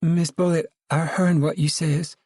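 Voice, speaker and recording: Man voices timid poor mother; whining, pleading, pushed high, dry close read. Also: little pitch movement, a little slow, darkish tone, husky, no room sound. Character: meek, flustered poor mother, a woman.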